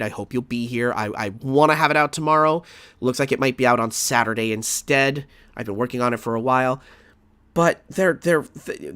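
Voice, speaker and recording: A man's voice: mid-range voice, a bit bright, no room sound. Man ranting through a live video reaction. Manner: rambling, restarts, exasperated outbursts.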